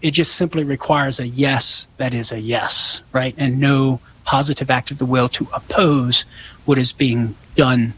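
A man's voice: mid-range voice, fairly even intonation, measured pace, fairly bright tone, a little hiss or hum, rough recording. A man on a call-in radio show answering callers' questions in an earnest, explanatory way. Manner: earnest, explanatory, acts out example dialogue.

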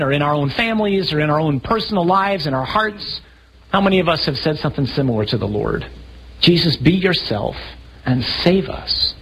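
A priest giving a sermon to a group of men, animated, asking rhetorical questions and acting out the scene he describes. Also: a little high, slightly rough, poor audio. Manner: acts out scenes vividly.

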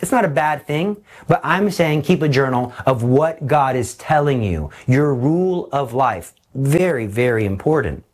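A man preaching a sermon, telling stories in an animated way and acting out the voices. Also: mid-range voice, a little slow, hardly any pauses.

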